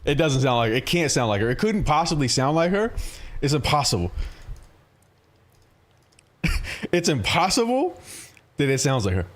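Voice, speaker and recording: A man with a medium-pitched, animated voice chats casually with viewers on a livestream, speaking at normal speed with frequent pauses. He rambles through profane stories and laughs a lot.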